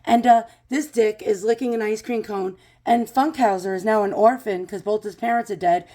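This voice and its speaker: A hoarse woman hosting a vintage glass video, with a creaky, croaky voice she is losing. She rants profanely and jokes at her own expense. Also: mid-range voice, steady tone, moderate pace, mellow. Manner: profane, ranting, self-deprecating. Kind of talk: casual vlog talk.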